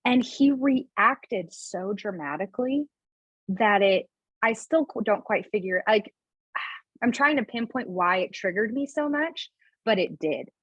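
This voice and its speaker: A woman in her thirties with a husky, breathy voice talks candidly and emotionally about her family, her sentences full of restarts and "like". The recording is dry and a little dull, as if made over a remote setup. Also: medium pitch, lively intonation, no echo. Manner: emotional, candid, fast-flowing with many "like" fillers. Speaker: podcast guest. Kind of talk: candid personal storytelling.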